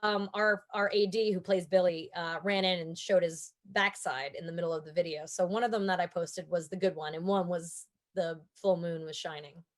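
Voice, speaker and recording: A woman in her forties with an American accent, a guest actor in a casual interview, chatting and telling stories with lively quoted asides. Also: moderate pace, few pauses. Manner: chatty storyteller, acts out quotes in higher voices.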